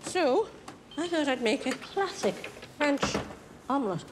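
Over a noisy background, an actress speaks at a measured pace in a high, expressive voice as a cheerful cooking show guest. The character is a tall, exuberant TV cook in her fifties from a 1960s television drama, theatrical and warbling, with a chipper mood and bits of French.

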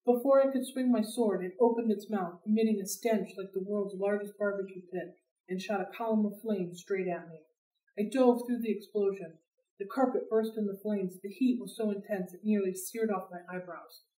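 A woman reads a novel aloud for a library read-along, telling it in an expressive, steady way. Her voice is at a middle pitch and carries a roomy echo. She sits back from the microphone. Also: normal speed. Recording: roomy sound, distant from mic.

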